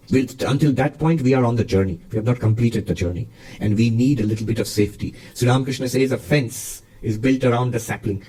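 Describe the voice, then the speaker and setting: A man, a monk and spiritual teacher, giving a lively, storytelling spiritual talk in answer to a question. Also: mid-range voice, far from the mic, poor audio.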